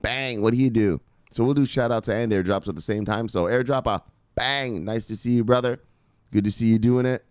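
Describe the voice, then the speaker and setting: A man's voice: medium pitch, fairly quick, clean tone, dry recording, clean studio sound. Brash man hosting a crypto stream. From United States. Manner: loose, swearing, joking, shouting "bang" at viewers' names. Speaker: crypto video host. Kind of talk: casual live-stream chat.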